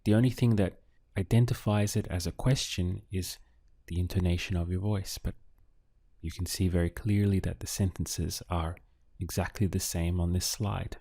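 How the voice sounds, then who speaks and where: A man teaching beginner Spanish, modeling phrases slowly and deliberately in a scripted lesson. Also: deep voice, steady tone, warm tone, dry recording. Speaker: language teacher.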